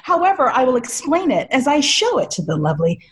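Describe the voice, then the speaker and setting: A woman guest telling an emotional story on a video-call podcast, animated, laughing often and swearing freely. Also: sits high, a little fast, slight background noise.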